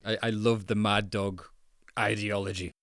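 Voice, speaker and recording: A man's voice: lowish voice, level tone, normal speed, fairly bright tone, dry recording, studio quality. A man co-hosting a football podcast, jokey and rambling, often laughing mid-sentence. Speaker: podcast co-host. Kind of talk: casual football chat.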